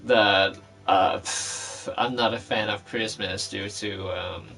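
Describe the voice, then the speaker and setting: Man vlogger, low voice, unhurried, rambling casual story full of fillers and cursing. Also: steady tone, vocal fry, bright, forceful tone.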